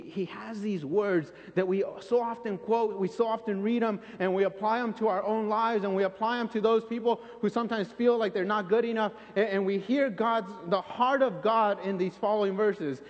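High-voiced man preaching in a church. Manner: earnest, repetitive, pleading emphasis. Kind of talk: sermon. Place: church sanctuary. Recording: dull recording in a reverberant church.

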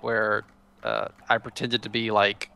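A man's voice: fairly low pitch, flat delivery, unhurried, gravelly, pushed and bright, smooth. A man casually showing a Minecraft server to a friend, rambling and restarting his sentences. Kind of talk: casual gameplay chat.

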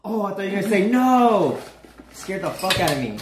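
A young man with a lively, swooping voice, shouting and swearing while he bakes on stream. His talk is jumpy and full of laughs. The kitchen sounds echoey, with steady noise behind him. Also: sits high, brisk. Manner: excitable, swears a lot, laughs often, startles easily. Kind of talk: loud casual chat while baking. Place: home kitchen.

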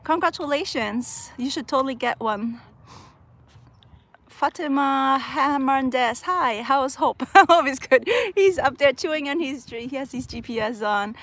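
A woman's voice: high-pitched, lively intonation, moderate pace, hardly any pauses, a bit bright. A young woman hosting a casual live chat, reading viewer comments aloud and answering chattily, laughing often. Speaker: livestream host answering viewer questions.

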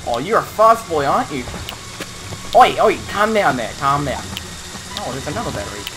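A man playing an online game with friends, shouting playful trash talk and laughing as he goes. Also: on the high side, big pitch swings, normal speed, a little hiss or hum. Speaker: gaming YouTuber. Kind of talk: casual game chat.

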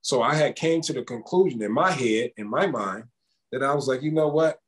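A man's voice: medium pitch, brisk. A man in his thirties, a former basketball player, telling stories in a casual interview and acting out the dialogue as he goes. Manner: animated storyteller acting out dialogue.

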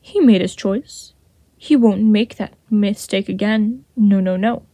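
A woman voicing a sly, snake-like male deceiver in a storybook reading, with a smooth, honeyed manner. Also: mid-range voice, measured pace, mellow, no room sound. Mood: taunting. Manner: purring and mocking.

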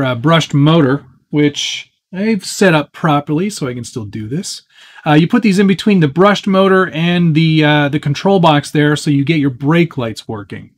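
A man hosting a live stream, casually chatting and answering viewer questions while working on a model truck with his hands. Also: fairly high pitch. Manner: chatty and easygoing, with frequent fillers and self-interrupting asides. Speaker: host of a live build stream.

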